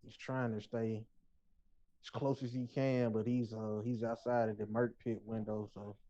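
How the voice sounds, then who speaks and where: A man co-hosting a casual race watch-along, making calm, laid-back remarks. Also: lowish voice, measured pace. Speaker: stream co-host. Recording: dull lo-fi audio.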